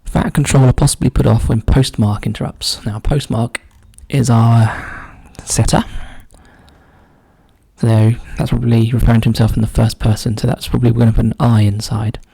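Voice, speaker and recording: A man solving a cryptic crossword out loud, musing slowly and often muttering clues under his breath. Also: mid-range voice, flat delivery, creaky, slightly rough. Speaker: crossword solver. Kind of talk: thinking aloud while solving a puzzle.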